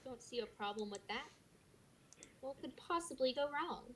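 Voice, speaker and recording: A woman's voice: high voice, animated, normal speed, a bit bright, slight background noise. A young woman playing a tabletop game with friends, playful and teasing. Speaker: player. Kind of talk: casual tabletop game chat.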